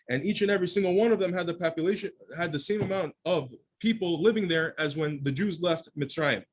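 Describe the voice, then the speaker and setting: A man's voice: high-pitched, fast talker, hardly any pauses, a little hiss or hum. A man, a rabbi, teaches a daily Talmud class, reading each Aramaic phrase and then explaining it in English, often restarting mid-sentence.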